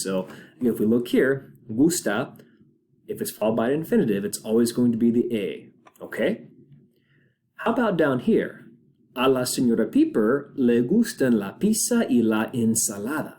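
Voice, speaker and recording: Animated male teacher explaining grammar. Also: medium pitch. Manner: explains step by step with frequent check-in questions; switches into slow, deliberate Spanish example phrases. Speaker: Spanish teacher. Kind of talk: recorded classroom grammar lesson.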